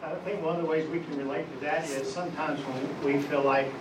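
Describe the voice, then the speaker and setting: A man's voice: on the high side, steady tone, a little fast. A man in the audience sharing a thought, searching for his words. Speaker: participant. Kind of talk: speaking up from the audience. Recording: roomy, distant, crowd noise.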